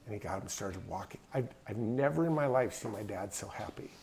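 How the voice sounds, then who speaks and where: A man's voice: lowish voice, lively intonation, a little fast, a little mellow, slight background noise. Folksy man telling a story. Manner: folksy, drawling, emphatic storyteller. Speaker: guest speaker. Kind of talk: storytelling talk. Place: hangar.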